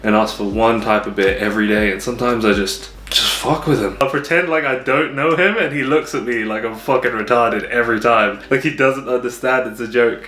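A man's voice: mid-range voice, a little fast, few pauses, pushed and bright. A young man, a bartender, chatting casually to camera, swearing and laughing often. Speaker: vlogger. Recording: echoey room with music.

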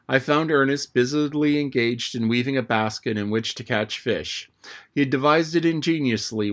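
A man reading a classic adventure novel aloud with a steady, even storytelling delivery. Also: mid-range voice. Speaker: audiobook narrator. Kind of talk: scripted narration of a classic novel.

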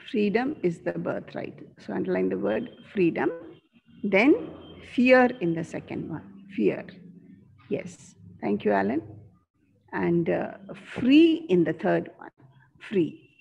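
A woman teacher walks a class through an exercise at a very slow pace, repeating each answer and spelling words aloud. Her voice is gravelly and husky. The recording sounds dull and lo-fi. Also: medium pitch, a little mellow. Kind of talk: online class lesson. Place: school corridor.

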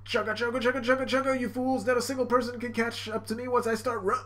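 A man's voice: extremely high pitch, level tone, fast talker, fairly bright tone, voice pushed up. A man voicing a frantic, boastful male henchman in a cartoon. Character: panicky, boastful male henchman running away.

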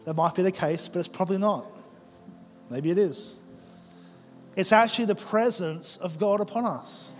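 Pastor preaching in a reverberant hall. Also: male voice, high-pitched. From Australia. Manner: conversational storytelling with quick asides. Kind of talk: sermon. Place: large church auditorium. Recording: long church hall reverb with faint music.

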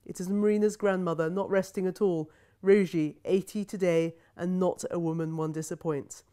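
A woman novelist reading her own book aloud, measured and wry. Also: lowish voice, fairly even intonation, dark tone, smooth.

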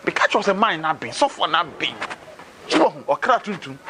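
A smooth-talking Ghanaian adviser. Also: male voice, high-pitched, moderate pace, background noise. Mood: probing. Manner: animated, mixing Twi with pidgin English. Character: persuasive adult man, streetwise adviser. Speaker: adviser urging a fetish priest.

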